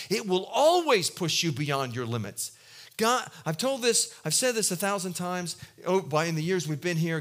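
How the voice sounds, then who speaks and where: A male pastor preaching a sermon who acts out voices from the story and swings from loud outbursts to hushed, low lines. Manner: animated, acts out voices of biblical figures and God; swings between loud exclaims and quiet, low-voiced asides.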